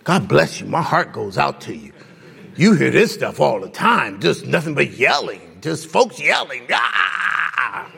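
A man's voice: medium pitch, sing-song, a little slow, gravelly, sharp tone, husky. A man preaching an impassioned sermon to his congregation, speaking to them directly and asking rhetorical questions. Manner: conversational, addresses the congregation directly. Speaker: pastor.

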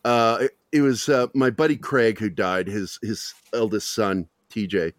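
A man's voice: on the low side, fairly even intonation, a little slow, no echo, studio quality. A man hosting a podcast, telling rambling, profane stories in casual chat and laughing often. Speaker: podcast host.

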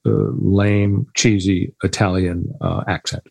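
A man's voice: lowish voice, little pitch movement, takes it slowly, vocal fry, a little mellow, husky, dry recording. A man hosting a radio talk show, arguing politics in a sardonic, bantering way. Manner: sardonic, jumps into playful voices when quoting.

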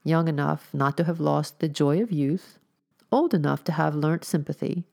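A woman reading the lines of a polite, gentle, mysterious male stranger in a storybook, speaking softly and courteously. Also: on the high side, moderate pace, gravelly. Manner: soft and courteous.

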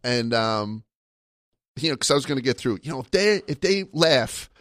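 A man's voice: medium pitch, expressive, normal speed, fairly bright tone, dry recording. Dry-sounding rambling man hosting a chat. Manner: rambling, self-mocking storyteller with frequent laughs. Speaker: podcast host. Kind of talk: casual chat.

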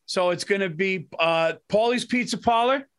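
A man with a notably high speaking voice co-hosting a podcast. He talks in an excitable, rambling way, piling up plans and swearing freely in casual chat. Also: moderate pace, smooth. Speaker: podcast co-host.

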